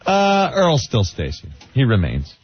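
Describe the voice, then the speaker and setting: A man's voice: medium pitch, wildly swooping pitch, measured pace, slightly rough, no echo. A man hosting a radio talk show, teasing and joking in casual banter. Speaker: radio host. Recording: dull lo-fi radio broadcast.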